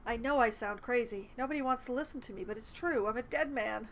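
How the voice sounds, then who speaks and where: A woman's voice: a little high, a little fast, fairly bright tone, a little hiss or hum, rough recording. A woman reading aloud the game dialogue of a frightened man who babbles anxiously about vampires hunting him.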